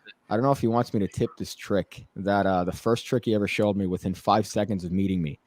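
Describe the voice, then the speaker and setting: A man in casual conversation, telling an animated, profane story with laughs and acted-out quotes. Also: lowish voice, fast, no echo.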